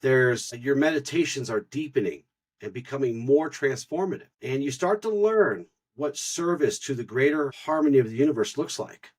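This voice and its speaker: A man's voice: mid-range voice, a little mellow. A man co-hosting a spiritual podcast, explaining stages of inner growth in an earnest teaching manner and sometimes repeating words as he thinks. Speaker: podcast co-host.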